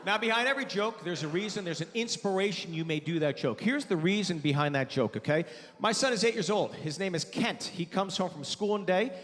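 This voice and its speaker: A man in his forties performing a stand-up comedy set, telling loud, animated stories and breaking into sudden high yelps. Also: brisk, big-room sound. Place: theater stage before a live audience.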